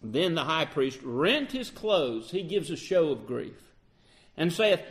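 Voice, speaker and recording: A man preaching a sermon, acting out the quoted dialogue with lively emphasis. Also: a little high, unhurried.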